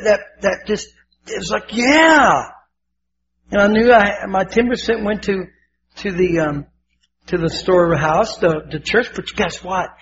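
An older man preaching a sermon as pastor, fervent and emotional, repeating his words. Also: sits high. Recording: dull lo-fi with faint hiss.

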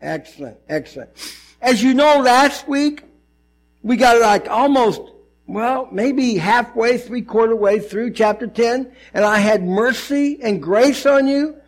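A man preaching a sermon as pastor, animated and conversational, with lots of asides and restarts. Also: sits high, rough recording.

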